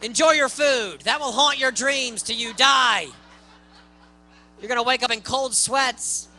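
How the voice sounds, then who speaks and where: A man with a high voice that gets mistaken for a woman's, doing a stand-up comedy set on a club stage with loud, ranting punchlines. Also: a little slow, faint music behind, rough recording. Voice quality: high, boyish voice often taken for a woman's.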